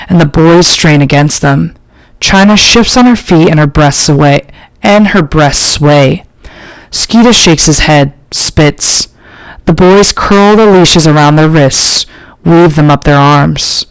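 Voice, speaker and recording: A woman reads an audiobook in a measured, literary way. She takes it very slowly, letting each phrase land. The recording is close and dry, with no room sound. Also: low-pitched, smooth, no room sound, low-quality recording. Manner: slow, measured, literary reading. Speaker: audiobook narrator. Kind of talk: scripted narration.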